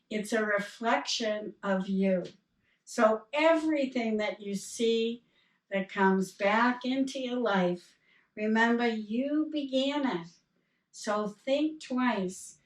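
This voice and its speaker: A woman reverend giving a sermon, telling parable stories in a gentle, unhurried way. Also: a little high. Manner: slow, gentle storytelling with quoted dialogue. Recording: roomy sound from a distance.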